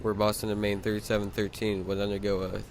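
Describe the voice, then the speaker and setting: Low-voiced man narrating a story. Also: monotone, fast, heavy background noise.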